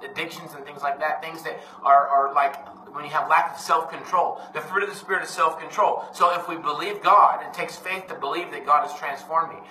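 Man, preacher, informal sermon, emphatic, high voice, distant mic, roomy echo. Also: fairly even intonation, a little fast, hardly any pauses, sharp tone, slight background noise. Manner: earnest, emphatic, often says "man". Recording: echoey room, voice from a distance.

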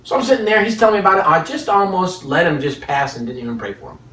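Very animated and fast, a man with a high, sharp voice preaches a sermon full of stories. He throws out rhetorical questions and chuckles between points, heard through a distant mic in a room with plenty of echo.

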